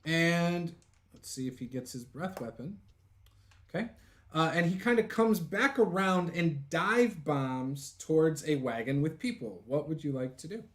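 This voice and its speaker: A man narrating as game master of a tabletop role-playing game, relaxed and chuckling often. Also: fairly high pitch, unhurried. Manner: relaxed, chuckling, uses fillers.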